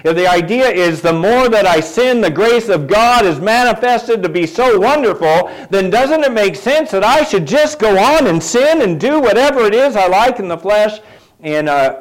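A man's voice: on the high side, low-quality recording. A middle-aged man preaching a sermon in a conversational way, putting questions to the congregation and adding light asides. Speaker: pastor.

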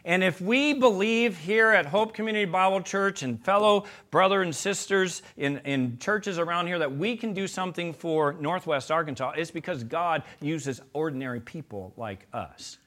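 A man's voice: high voice, moderate pace, few pauses. Male pastor, emphatic sermon delivery, tense, ringing tone. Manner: emphatic preaching, swings from loud to hushed; addresses listeners as beloved.

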